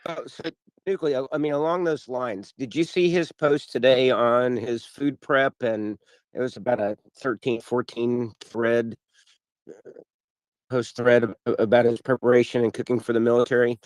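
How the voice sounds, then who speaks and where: A man asking friendly, quick questions in a casual live chat. His voice sits mid-pitch, and the sound is dry and close. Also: steady tone, no room sound.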